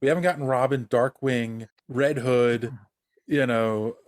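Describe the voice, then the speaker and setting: In a dry, studio-quality recording, a podcast co-host speaks in a steady, darkish medium-pitched voice at a measured pace. He casually sets up topics and talks through his take, conversational and prone to restarts.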